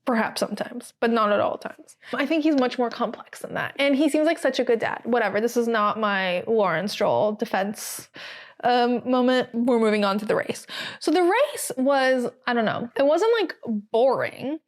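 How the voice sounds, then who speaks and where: A woman's voice: on the high side, animated, moderate pace. An American woman hosting a podcast, recapping in a chatty, casual way with many fillers and wry asides. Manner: chatty, lots of ums and likes, wry asides. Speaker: podcast host. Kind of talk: casual solo recap chat.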